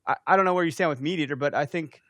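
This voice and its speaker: Brief: quick-talking male podcast host, mid-pitched, easygoing storyteller, dry close sound. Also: pushed and bright, no room sound. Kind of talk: casual podcast conversation.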